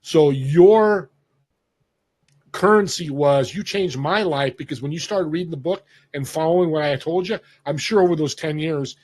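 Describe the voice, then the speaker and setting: A man in his fifties from Northern California, a podcast guest telling a story and acting out the voices of people he quotes. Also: a little high. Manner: animated storyteller who acts out quoted voices. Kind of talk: casual storytelling interview.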